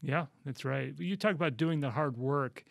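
A man with a gravelly voice hosts an interview, working his way through long questions with restarts. His voice sits at a middle pitch, and the sound is dry and close. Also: no room sound. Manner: halting questions with fillers and restarts. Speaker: interview host.

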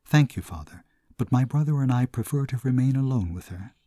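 Male reader as devoted grieving nun, lifted pitch, husky, breaking voice, storybook reading. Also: animated, brisk, dark tone, dry recording, clean studio sound, close to an everyday voice. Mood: grieving, pleading. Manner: pleading, breaking with grief.

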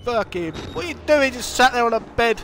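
A man's voice: very high-pitched, animated, brisk, fairly bright tone, slight background noise. A man commentating a horror game, swearing a lot, jumpy, and talking back to the characters on screen. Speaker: gamer.

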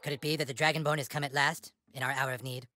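A man's voice: medium pitch, little pitch movement, fast, no echo, studio quality, lightly acted. A man voicing a bossy, scheming boy who plays a wizard leader, talking in a pompous, commanding way in a video game. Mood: awed. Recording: game audio over loud music.

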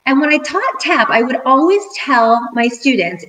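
A middle-aged woman teacher giving a cheerful video lesson to young children, counting out rhythms slowly and clearly. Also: high-pitched, very animated, a bit bright, poor audio. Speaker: school teacher.

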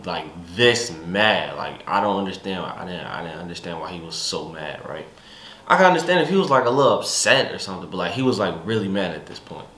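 A young man casually recounting a family conflict in relaxed, slangy speech with many restarts. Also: deep voice, reverberant. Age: young adult. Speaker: son telling his story. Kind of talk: casual storytelling.

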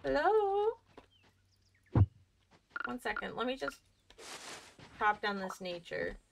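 A young woman streaming a video game, chatting excitably and talking to herself as she plays. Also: medium pitch, unhurried, gravelly, background noise. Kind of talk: casual let's-play commentary.

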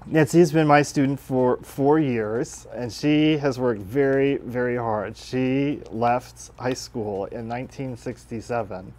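A man who teaches at an adult school, honoring a graduating student in a proud, warm way. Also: medium pitch, a little slow, few pauses.

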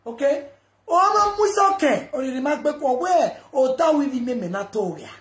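A woman with a Nigerian accent ranting on a live video, loud and rambling, mixing Pidgin with local languages. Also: sits high, expressive, fairly quick. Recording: echoey room with background noise.

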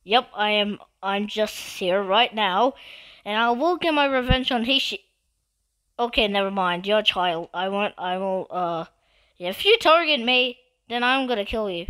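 A woman giving live gameplay commentary, excitable and given to repetitive trash talk at other players. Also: medium pitch, unhurried, clear, resonant tone. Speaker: gamer.

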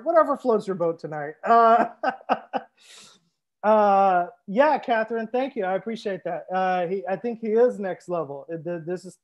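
The recording is muffled, and the young man's voice is high. He's a sommelier and show host leading a live wine tasting, casual and cheerful, addressing viewers head-on.

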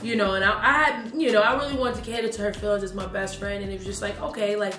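A woman's voice: medium pitch, fairly even intonation, fast, bright, forceful tone. A young woman co-hosting a couple's vlog, chatting in a playful, teasing way and speaking to the viewers directly. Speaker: co-host of a couple's channel. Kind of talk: casual chat. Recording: echoey room with faint music.

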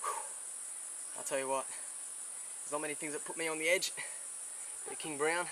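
A man's voice: on the high side, fairly even intonation, moderate pace. An Australian man presenting wildlife in the field, handling a venomous snake, switching between soothing murmurs and eager explanation, sweating and a bit out of breath. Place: outdoors in bush country. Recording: outdoor field recording, loud insect noise. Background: buzzing insects and crickets.

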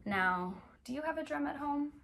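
A young woman teaching a music class for toddlers, speaking gently and playfully and asking the little ones lots of questions. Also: high-pitched, expressive, moderate pace, gravelly, a little hiss or hum. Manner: gentle, playful, talks straight to small children with many questions.

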